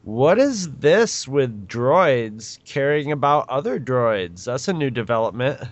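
A man co-hosting a podcast, talking in a rambling, halting way with many restarts. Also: mid-range voice, sing-song, no room sound. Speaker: podcast co-host. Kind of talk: casual chat.

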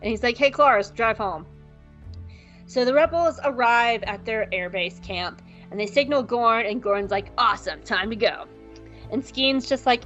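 A woman co-hosting a podcast, recapping an episode in a casual, profane, playful way and acting out characters' lines in quick bits. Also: fairly high pitch, fairly bright tone, highs cut off, soft background music. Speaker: podcast co-host.

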